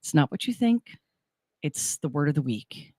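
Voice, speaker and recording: Chatty woman radio co-host, husky. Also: low-pitched, very animated, normal speed, mellow, dry recording, clean studio sound. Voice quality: husky morning voice. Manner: chatty, laughing, rambling asides. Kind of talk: casual morning radio chat. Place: radio studio.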